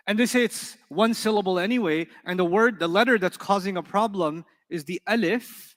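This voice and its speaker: A middle-aged man teaches a class, animated and quick to question his students. His voice sits high for a man. It rings out with a long reverb in a lecture hall. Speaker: Arabic teacher.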